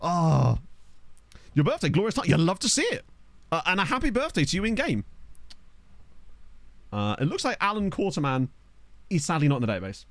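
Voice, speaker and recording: A man with a neutral British accent chats quickly to his live-stream viewers while he plays a football management game. His voice bounces up and down with lots of lively pitch movement. It sounds dry and close, as if recorded on a desktop mic at home. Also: no room sound. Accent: neutral British English. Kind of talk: casual live-stream chat. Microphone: desktop USB microphone.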